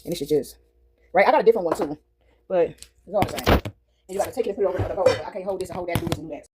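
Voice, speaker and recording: Very noisy audio carries a woman's low-leaning voice as she rattles off rapid-fire talk while handling dough for her vlog. The chat is rambling, punctuated by "right?" nearly every phrase.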